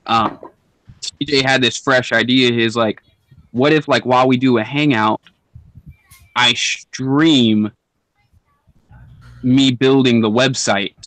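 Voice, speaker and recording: A man's voice: medium pitch, steady tone, takes it slowly, long pauses, fairly bright tone, dry recording. A young man co-hosting a podcast in casual chat, laid-back and full of slang and swearing. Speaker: podcast co-host.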